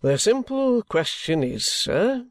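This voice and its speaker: A man reading an audiobook, voicing a stiff, calm, stubborn police constable who speaks firmly and measuredly. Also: high-pitched, no echo, pitched above the performer's own voice, exaggerated voice. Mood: insistent. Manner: firm, measured, repeating himself. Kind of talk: audiobook character voice.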